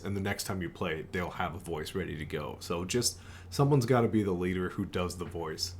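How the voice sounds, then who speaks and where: A man with a low voice chats on a casual podcast. He gives advice in an easygoing, encouraging way. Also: normal speed, darkish tone, a little hiss or hum. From West Coast of the United States. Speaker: game master on a podcast.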